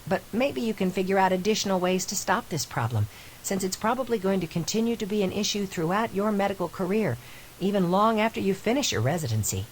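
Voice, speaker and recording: A woman's voice: mid-range voice, lively intonation, a little fast, slight background noise, close to an everyday voice, poor audio. An actress voicing a female senior doctor who mentors a resident, speaking earnestly and explaining in a scripted game voice-over.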